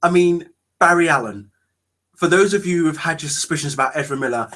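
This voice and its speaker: A young man reacting to a trailer, gushing and close to tears, breaking off into exclamations and halting restarts. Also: a little high, a bit bright. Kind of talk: emotional reaction video.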